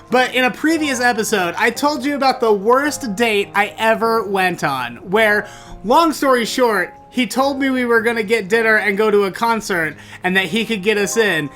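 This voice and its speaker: A man hosting a storytelling show, recounting a bad date in an animated, theatrical way that bursts into exclamations. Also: sits high. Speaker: storytelling podcast host. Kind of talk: comedic personal storytelling.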